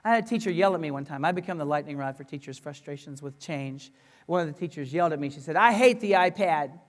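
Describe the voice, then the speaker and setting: Animated man speaking in a reverberant hall. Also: on the high side, quick pace. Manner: animated, playful, emphatic. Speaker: education speaker. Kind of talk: conference breakout talk. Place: conference room.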